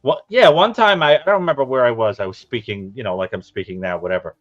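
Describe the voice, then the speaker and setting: A man's voice: mid-range voice, fast, lo-fi sound, soft background music. A man from Brooklyn with a New York accent, hosting a live stream and telling stories with jokes. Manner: joking, storytelling. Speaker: host. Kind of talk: casual chat.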